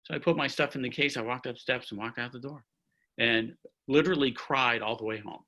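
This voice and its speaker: Bright-voiced man in his sixties, rambling storyteller. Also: medium pitch, a little fast, rough recording. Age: 60s. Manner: long-winded, rambling, full of restarts. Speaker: orchestra trumpet player, guest. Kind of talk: anecdotal storytelling in an interview. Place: at home by his music stand.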